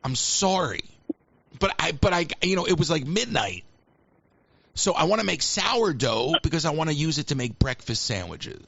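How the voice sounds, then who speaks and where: A man hosts a live call-in show, rambling through self-deprecating jokes with a lively, bouncing delivery on a slightly high voice. The sound is dry and a little dull, like lo-fi stream audio. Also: moderate pace, gravelly, breathy edge. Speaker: radio show host.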